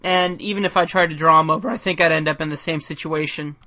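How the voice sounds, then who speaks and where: A man's voice: on the high side, steady tone, quick pace, pushed and bright. A man who is a caricature artist, giving casual drawing commentary in a rambling, self-deprecating way, thinking aloud as he works.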